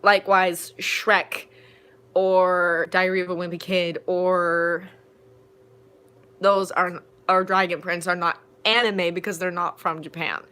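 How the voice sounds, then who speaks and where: A woman's voice: on the low side, clear, resonant tone. Chatty woman streaming from home. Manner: chatty, rambling, with quick bursts of excitement. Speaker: fanfiction audiobook narrator and streamer. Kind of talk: casual live-stream Q&A chat.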